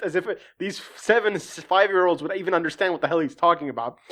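This is an offhand spoken review, full of restarts and filler. The speaker drifts into profanity and dry sarcasm, rising in pitch whenever something annoys them, and settles back to a middling register in between. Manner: animated, pitch climbing when worked up. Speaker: show reviewer.

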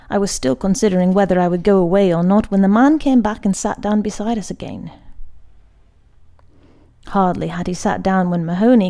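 A woman reading a literary short story aloud in a measured, unhurried way, sometimes dropping to a hushed near-whisper. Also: medium pitch, vocal fry. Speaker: audiobook reader.

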